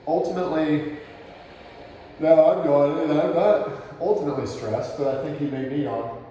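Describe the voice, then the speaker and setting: A man working as a dog trainer, explaining his steps while he demonstrates, relaxed and praising the dog softly. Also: fairly high pitch, moderate pace, dull audio, a little hiss or hum. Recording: distant, roomy outdoor camera audio.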